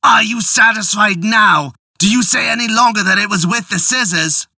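A storyteller voicing an exasperated husband who questions his wife slowly and forcefully. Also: mid-range voice, vocal fry, dry recording, clean studio sound, voice pushed up. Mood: angry. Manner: slow, forceful, demanding. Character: angry exasperated husband, tailor. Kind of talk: storytelling voice acting.

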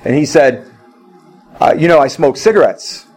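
A man's voice: a little high, lively intonation, normal speed, darkish tone, poor audio. A middle-aged male pastor preaching a sermon, repeating phrases and telling personal stories.

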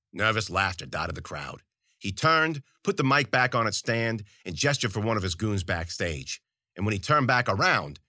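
A man's voice: lowish voice, bright, forceful tone, no room sound. Wry, profane male storyteller, dry studio. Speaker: audiobook narrator. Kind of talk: first-person storybook narration.

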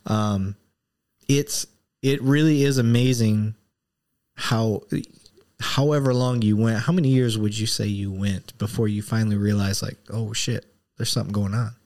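A man's voice: lowish voice, fairly even intonation, measured pace, darkish tone. A man in his thirties hosting a podcast, talking candidly and a bit rambling in a casual conversation. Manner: candid, rambling, emotional at times. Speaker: podcast host.

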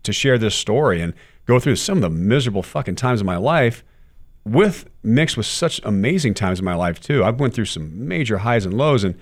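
A middle-aged man giving a candid interview, telling his stories with animated quoted dialogue and frequent cursing. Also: fairly low pitch, normal speed. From United States. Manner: animated storyteller, curses freely, acts out quotes. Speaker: guest, former baseball player.

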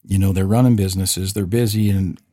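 Animated storytelling man, low dark voice. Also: brisk, no echo, clean studio sound. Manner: animated storyteller, acts out quoted voices, says "bro" and "dude". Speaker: podcast co-host. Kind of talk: casual storytelling chat.

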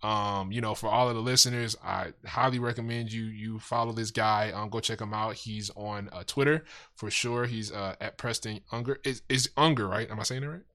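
A man's voice: fairly low pitch, fairly even intonation, moderate pace, sharp tone. A man hosting a casual podcast interview, laid-back and easygoing, leaning on "you know" and "man". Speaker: podcast host.

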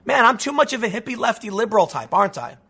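A man giving a casual, animated commentary monologue, tossing in "dude" and "man" as he talks. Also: high-pitched, fast, breathy edge. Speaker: political commentator.

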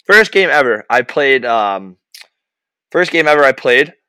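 A young man telling an animated, profane story about his hockey days in casual chat. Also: medium pitch, a little slow, clean tone, no echo. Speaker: podcast host, former hockey goalie.

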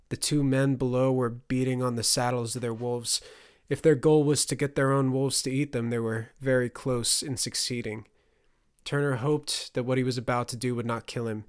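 A man reading a fantasy audiobook as its narrator, in steady, measured scripted storytelling. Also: medium pitch, smooth.

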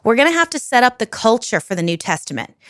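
A woman talking casually on a podcast, chatty and quick to swear. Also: fairly high pitch, sing-song, fairly bright tone, no room sound, clean studio sound. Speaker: guest presenter.

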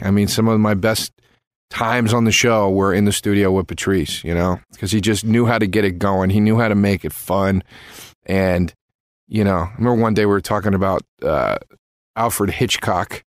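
A man giving a spoken tribute to a late friend, halting and full of fillers, livelier when he tells a story. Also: on the low side, steady tone, smooth, dry recording, studio quality.

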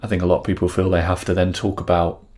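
A man with a very low, deep voice, chatting in a relaxed and upbeat way as a podcast co-host. He talks casually about auditions and laughs easily. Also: fast. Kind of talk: casual chat.

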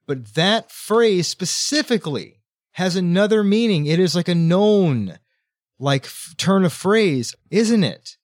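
A man co-hosting a casual book podcast, recapping the plot in an animated way and acting out the characters' lines. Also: mid-range voice, measured pace, no room sound, studio quality. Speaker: podcast co-host.

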